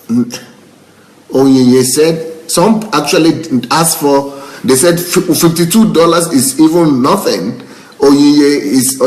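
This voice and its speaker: A man's voice: mid-range voice, roomy sound, poor audio. A male pastor giving live commentary on viewer comments, indignant and emphatic, repeating phrases for effect and often laughing. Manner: breaks into laughter.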